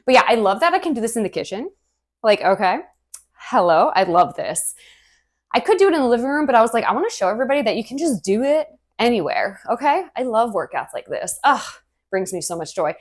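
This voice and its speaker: A woman's voice: a little high, big pitch swings, fairly quick. A woman fitness instructor leading a cardio workout in her kitchen, talking while she exercises and cheering on her viewers, slightly out of breath. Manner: upbeat, encouraging, talks while exercising. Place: home kitchen.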